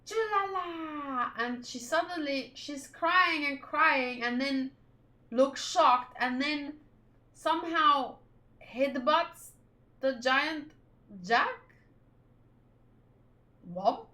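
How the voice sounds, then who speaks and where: A woman's voice: sits high, drawn-out words, pauses often, pushed and bright. A woman hosting a manga read-along, chatting casually and reacting aloud as she reads. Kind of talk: casual reading commentary.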